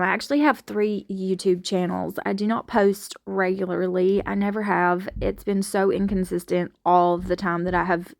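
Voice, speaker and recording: A woman's voice: medium pitch, gravelly, no echo, studio quality. Chatty Southern woman from Alabama. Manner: chatty, folksy, frank, with Southern expressions. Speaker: home vlogger and mom. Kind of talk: casual chat to camera while doing chores. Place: home kitchen at the sink.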